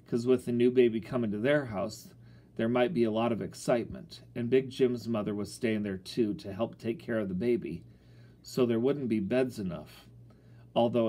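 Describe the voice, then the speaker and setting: A man's voice: lowish voice, dark tone. A man narrating a first-person children's story in a folksy, boyish storytelling manner. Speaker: audiobook narrator.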